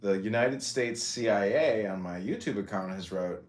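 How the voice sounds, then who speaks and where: A man hosting a casual podcast chat, deadpan, mumbling asides and clearing his throat often. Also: on the low side, moderate pace. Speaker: podcast host. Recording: echoey room with faint noise.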